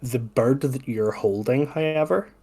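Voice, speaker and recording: A man's voice: mid-range voice, a little slow, mellow. A man running a tabletop game as game master, describing scenes in a meandering way full of "like". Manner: meandering, hedging with "like".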